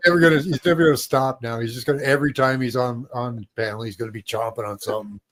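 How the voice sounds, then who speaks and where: A man's voice: medium pitch, steady tone, fast talker, fairly bright tone, no room sound. A man on a casual online panel, joking and teasing.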